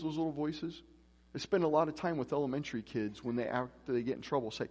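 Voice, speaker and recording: Husky man preaching in an echoey hall. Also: medium pitch, fairly quick, darkish tone. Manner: conversational, acts out quoted voices. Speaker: pastor. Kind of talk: sermon. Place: church.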